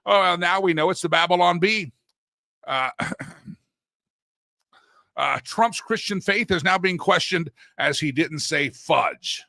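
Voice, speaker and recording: A middle-aged man hosting a casual political talk show, joking his way through memes and swinging between loud bits and hushed asides. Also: sits high, lively intonation, normal speed, creaky, long pauses, no echo. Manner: jokey, sings a silly jingle between segments.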